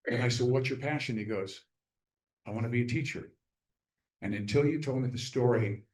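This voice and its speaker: A man speaking as a guest author at a club meeting, telling a story in a lively way and acting out the people he quotes. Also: medium pitch, roomy sound, low-quality recording. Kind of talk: casual storytelling talk.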